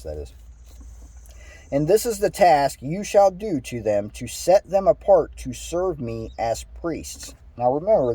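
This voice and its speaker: Male reader, very dark and a bit husky; casual scripture reading, trips on words, adds asides. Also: medium pitch. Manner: reads aloud with stumbles and asides. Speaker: Bible reader.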